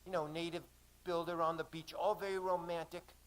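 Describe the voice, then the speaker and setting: A man's voice: a little high, little pitch movement, a little fast, a bit bright, a little hiss or hum, voice pushed up, lightly acted. A man voicing a weary young Australian woman stranded far from home, speaking with an Australian accent in a resigned, tired way during a live reading in a cafe.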